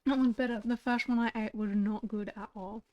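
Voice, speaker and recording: A woman's voice: on the high side, fairly even intonation, brisk, warm tone, muffled recording. A woman with an Australian accent chatting casually while streaming a game, muttering and swearing to herself.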